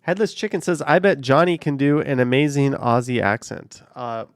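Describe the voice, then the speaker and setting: A man's voice: medium pitch, moderate pace, smooth, no room sound, clean studio sound. A man hosting a casual livestream from a car while driving, reading viewer comments in an offhand, rambling way. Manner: offhand, rambling, hedges with "I don't know". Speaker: livestream host. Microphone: camera on a car mount.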